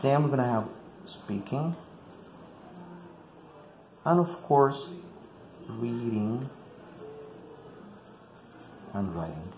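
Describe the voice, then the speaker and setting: Speaking extremely slowly and pausing often, a male English teacher talks fellow teachers through a classroom activity step by step. His medium-pitched voice is mellow and dark, with big pitch swings, and he fills it with "like" and repeated words. The room is echoey, with faint ambient noise.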